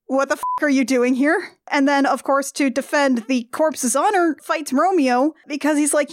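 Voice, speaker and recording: A woman's voice: high-pitched, normal speed, few pauses, no echo, clean studio sound. A woman co-hosting a comedy podcast, retelling a story casually with sarcastic asides. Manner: sarcastic, animated, acts out characters in quotes. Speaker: podcast co-host.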